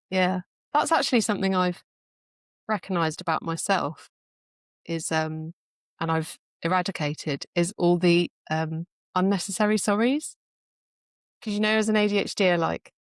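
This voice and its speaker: Laughing frequently, a podcast speaker shares reflective stories in casual conversation. Her voice is on the low side, captured in a dry, studio-quality recording.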